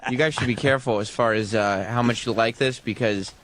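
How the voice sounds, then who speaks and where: A man's voice: on the low side, fairly even intonation, a little fast, a bit bright, slight background noise. Wisecracking male co-host. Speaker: radio show co-host. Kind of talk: casual banter.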